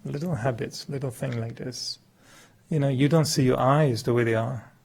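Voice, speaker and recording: Gravelly, husky man giving a meditation talk. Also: normal speed, darkish tone. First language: not English. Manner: chatty and humorous, laughs often at himself; acts out quoted dialogue with big pitch jumps. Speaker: meditation teacher. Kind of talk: spiritual talk to an audience.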